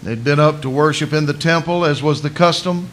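A man's voice: a little high, brisk, fairly bright tone. A man preaching a sermon in a folksy, storytelling manner with colloquial asides.

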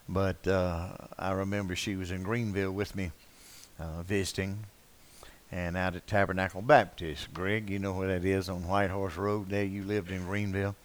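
An older man preaching a sermon, telling rambling anecdotes full of uh fillers and swinging between loud and soft passages. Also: deep voice. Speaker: pastor. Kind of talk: sermon with folksy storytelling.

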